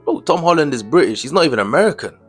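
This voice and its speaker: A man's voice: on the high side, big pitch swings, very fast, fairly bright tone, breathy edge, faint music behind. A young man giving casual commentary as a vlogger, indignant and slangy, firing off rhetorical questions.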